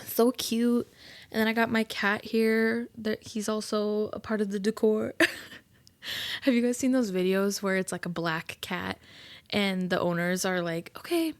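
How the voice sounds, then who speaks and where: A woman's voice: mid-range voice, little pitch movement, unhurried, no room sound. A woman, hosting a casual solo podcast in a chatty, giggly way with lots of fillers. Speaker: podcast host.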